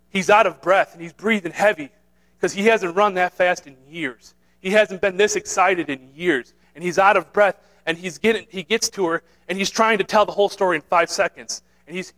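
A man's voice: high-pitched, fairly bright tone, rough recording. Earnest man preaching with repeated restarts. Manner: earnest, repetitive, with many restarts and "right?" tags. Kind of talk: sermon.

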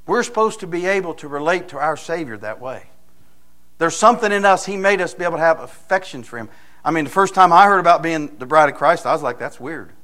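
A male pastor delivers a sermon in a warm, folksy, storytelling way. His voice sits slightly high, and it climbs into loud, emphatic bursts when he drives a point home. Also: animated, fast talker.

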